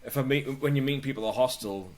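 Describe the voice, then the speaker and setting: A man, a travel video maker, chatting casually as a podcast guest, relaxed and swearing freely. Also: fast. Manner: relaxed, swears casually, acts out quoted people in higher voices. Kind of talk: casual interview chat.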